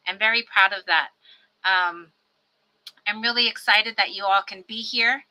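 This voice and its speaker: A middle-aged woman hosting a virtual event, welcoming guests with warm, chatty personal introductions over a video call. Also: medium pitch, a little slow, rough recording. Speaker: host.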